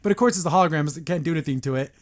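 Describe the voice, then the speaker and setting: A man's voice: fairly high pitch, rapid-fire. A man hosting a podcast, chatting casually and opinionatedly through an episode review and acting out the characters' lines in his own take on their voices.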